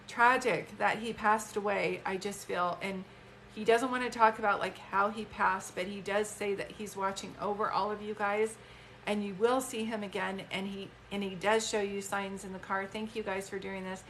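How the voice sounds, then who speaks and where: Fifties woman, medium on a live stream, casual and earnest, mid-pitched. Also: fairly bright tone, a little hiss or hum. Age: 50s. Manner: chatty, heartfelt, many fillers. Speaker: psychic medium.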